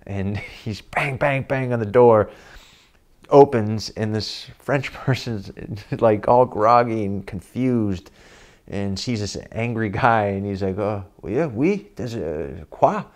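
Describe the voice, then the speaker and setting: Lowish-voiced man telling a comic anecdote. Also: steady tone, slow, darkish tone. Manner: amused, chuckling as he tells it. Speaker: storyteller.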